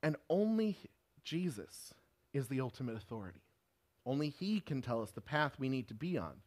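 A man's voice: mid-range voice, big pitch swings, moderate pace, a little mellow. A man giving a sermon in an earnest, emphatic preaching manner.

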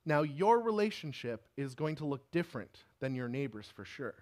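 A man's voice: medium pitch, sing-song, moderate pace, a little mellow. A man giving a sermon in an earnest, emphatic preaching manner.

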